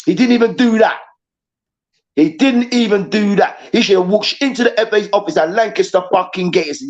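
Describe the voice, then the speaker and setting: A high-voiced man hosting a football debate show rants angrily and briskly, swearing and repeating his points for emphasis. The sound is dull and lo-fi.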